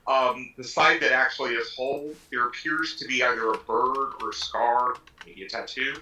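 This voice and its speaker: A man at a tabletop game whose voice sounds very bright and somewhat off-mic. The room echoes, and keyboard typing can be heard behind him. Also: medium pitch, fairly even intonation, normal speed, few pauses, distant mic. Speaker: player. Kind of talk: tabletop role-play chat.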